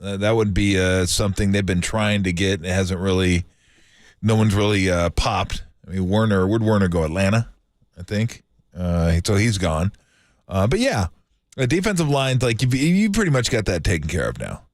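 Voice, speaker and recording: Low-voiced sports radio co-host, man. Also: animated, moderate pace, dry recording, clean studio sound. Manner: loose, filler-heavy, conversational. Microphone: studio microphone.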